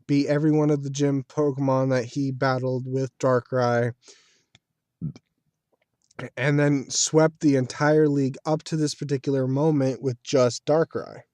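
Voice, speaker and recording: A man's voice: mid-range voice, darkish tone, dry recording, studio quality. A man giving casual solo commentary as a video creator, talking in a chatty, rambling way like a fan. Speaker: video creator reviewing an anime series.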